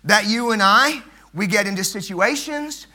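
High-voiced preacher giving an emphatic sermon. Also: male voice, animated, normal speed, sharp tone. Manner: emphatic, repetitive, swells and drops in volume.

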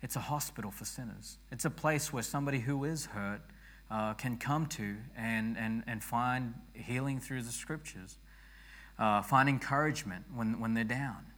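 A man preaching a sermon as pastor, hoarse and losing his voice, earnest and rousing, often restarting his words. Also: medium pitch, normal speed, fairly bright tone.

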